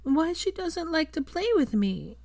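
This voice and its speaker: A woman's voice: very high-pitched, big pitch swings, fast talker, pitched above the performer's own voice. Woman doing a tiny pleading girl. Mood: tearful. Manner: pleading, small and tearful. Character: little girl, young and eager to please.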